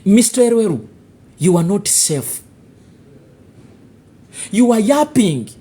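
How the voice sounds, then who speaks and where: Ugandan-accented political commentator, husky and animated, hammering rhetorical questions at listeners. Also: mid-range voice, takes it slowly. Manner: confrontational, full of rhetorical questions and warnings. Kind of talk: live political commentary monologue.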